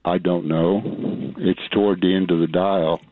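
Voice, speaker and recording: A man's voice: deep voice, fairly even intonation, moderate pace, dry recording. An older retired man calling a radio show, tired and terse, speaking plainly. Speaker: caller. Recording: tinny phone line.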